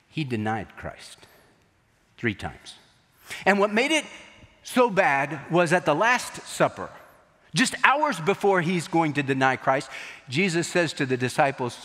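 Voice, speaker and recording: Dramatic preacher in an echoey sanctuary. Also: male voice, medium pitch, fairly bright tone. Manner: dramatic storytelling, acting out quotes. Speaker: pastor. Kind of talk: sermon.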